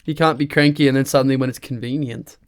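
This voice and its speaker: A young Australian man hosting a casual podcast chat, rattling along at a quick clip. His voice is smooth and clean, with laid-back surfer slang and plenty of swearing. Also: mid-range voice, steady tone. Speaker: podcast host.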